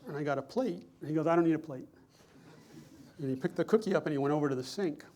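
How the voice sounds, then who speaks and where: A man's voice: fairly high pitch, rapid-fire, darkish tone, slight background noise. A middle-aged man, a screenwriter giving a lecture, telling anecdotes in a conversational, self-correcting, amused way.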